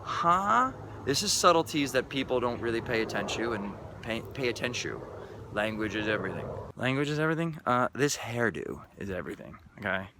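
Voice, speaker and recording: A man's voice: fairly low pitch, lively intonation, a little fast, pushed and bright, slight background noise. A man vlogging about spirituality in a loose, irreverent monologue, often tossing in "right?". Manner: irreverent, keeps asking "right?".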